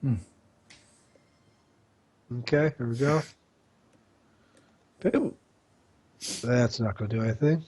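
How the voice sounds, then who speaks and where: A man playing in an online tabletop game, calmly talking through his dice rolls. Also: mid-range voice, slow, long pauses, slightly rough. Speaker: player. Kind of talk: casual game chat.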